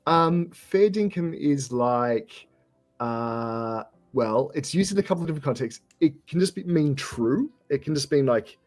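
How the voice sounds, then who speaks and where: A man with an Australian accent and a mid-range voice. He chats loosely about building AI voice agents, pausing often and filling the gaps with ums. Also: mid-range voice, faint music behind. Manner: relaxed, hesitant, many fillers. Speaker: guest developer. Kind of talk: casual tech chat.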